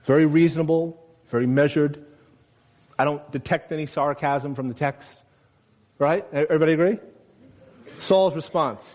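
A man's voice: fairly high pitch, moderate pace, long pauses. Man preaching in a reverberant hall. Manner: conversational, asks the congregation questions, acts out quotes loudly. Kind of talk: sermon. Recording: long reverb of a large room.

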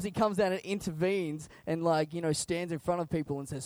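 A pastor gives a conversational sermon, animated and chuckling often between thoughts. The sound is dry and close. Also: medium pitch, a little fast, hardly any pauses, dry recording.

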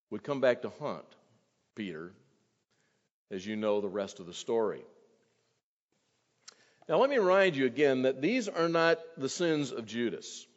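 A man preaching an earnest expository sermon to his congregation, his voice rising when he quotes scripture. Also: medium pitch. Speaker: pastor. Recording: dull, long hall reverb.

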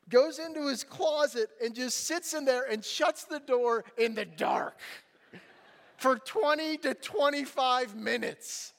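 A pastor with a notably high voice preaches a sermon from the stage. He tells a family story in an animated, jokey way and acts out every exchange. His voice rings with the long reverb of a large hall. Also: takes it slowly, vocal fry. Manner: animated, jokey storytelling with lively acted-out dialogue.

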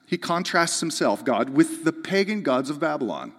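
A man preaching a sermon, building to emphatic, fervent peaks and dropping back to soft, earnest explanation. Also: on the high side, very animated, moderate pace, hardly any pauses. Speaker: pastor. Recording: long hall reverb.

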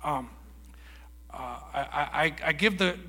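A man preaching a sermon in a lively storytelling way, acting out conversations as he goes. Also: on the high side, measured pace, long reverb tail. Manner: animated storytelling, acts out dialogue. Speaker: guest preacher.

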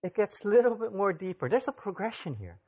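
Delivering a sermon with big pitch swings and a somewhat dark tone, this pastor talks fast in a mid-range voice. He keeps it casual and conversational, often asking listeners rhetorical questions.

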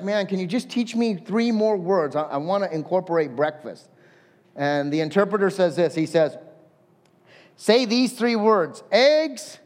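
A male pastor preaching a sermon, telling a story with lively acted-out quotes and lists of words. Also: high-pitched. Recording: long hall reverb.

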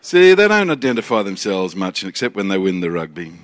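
A man with an Australian accent preaching a sermon, excitable and jokey, swinging from loud bursts to quiet asides. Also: low voice, fairly quick. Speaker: preacher and Bible college teacher.

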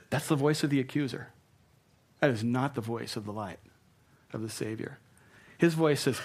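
A man preaching a sermon as pastor, earnest and emphatic, dropping soft for tender points. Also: mid-range voice, moderate pace, long pauses.

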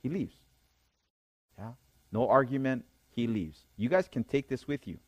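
A man's voice: mid-range voice, expressive, unhurried, a little mellow, breathy edge, no echo. A man preaching a sermon, reading scripture aloud and explaining it, often checking in with his listeners. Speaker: pastor.

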